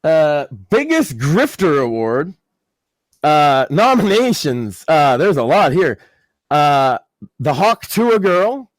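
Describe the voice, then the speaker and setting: A man co-hosting a podcast, reading out mock award nominations in a deadpan way with many filler uhs. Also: fairly high pitch, takes it slowly, dry recording. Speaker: podcast co-host.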